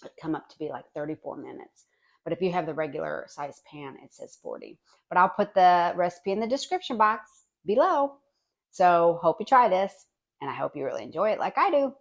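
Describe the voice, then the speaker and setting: A woman with a fairly low, gravelly voice and lively intonation talks a little fast while baking at home for her vlog. She's chatty and homey, tasting as she goes and sometimes talking with her mouth full. The recording sounds muffled.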